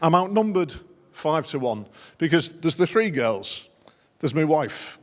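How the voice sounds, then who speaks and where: A man's voice: fairly high pitch, big pitch swings, a little slow. A middle-aged man doing a stand-up routine as an after-dinner comedian, telling wry, self-deprecating stories. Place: large conference dinner hall. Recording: long reverb of a large hall.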